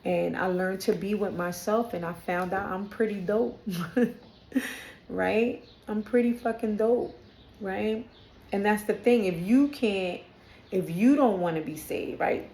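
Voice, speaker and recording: A woman's voice: mid-range voice, darkish tone. A woman from Brooklyn, chatting candidly in a spiritual vlog and often checking in with "right?". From Brooklyn, New York. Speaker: spiritual vlogger. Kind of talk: casual spoken reflection. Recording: echoey room.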